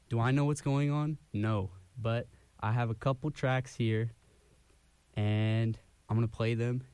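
A man's voice: mid-range voice, smooth, no room sound. Young man, college radio host, winded and ranting, self-mocking, dry close mic. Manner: rambling, self-deprecating, animated rants. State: out of breath. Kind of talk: casual radio chat. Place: radio studio. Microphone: studio microphone.

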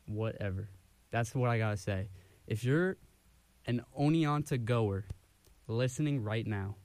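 A man's voice: on the low side, no echo. Young man, college radio host, winded and ranting, self-mocking, dry close mic. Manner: rambling, self-deprecating, animated rants. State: out of breath. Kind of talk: casual radio chat. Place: radio studio. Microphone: studio microphone.

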